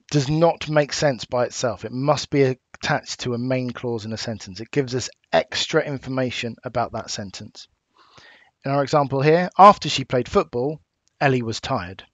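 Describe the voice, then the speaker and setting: A man with an English accent, a teacher giving a recorded lesson, explaining patiently and clearly with small fillers. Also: medium pitch, dry recording. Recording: dull dry home recording.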